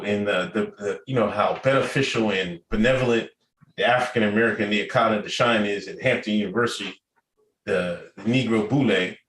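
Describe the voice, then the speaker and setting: A man's voice: lowish voice, a bit bright. A man co-hosting a podcast, talking loosely and profanely and laughing often. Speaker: podcast co-host. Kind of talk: casual chat. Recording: echoey room with faint noise.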